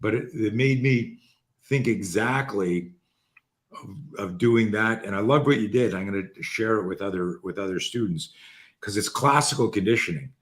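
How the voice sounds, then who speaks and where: A man hosting a podcast, telling a story in casual chat, animated and swearing freely. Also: on the low side, moderate pace. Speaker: podcast host. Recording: roomy echo.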